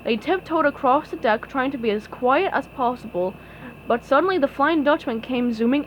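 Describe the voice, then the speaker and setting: A woman reading a children's storybook aloud in an expressive way. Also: a little high, moderate pace, slight background noise, poor audio. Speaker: storybook reader.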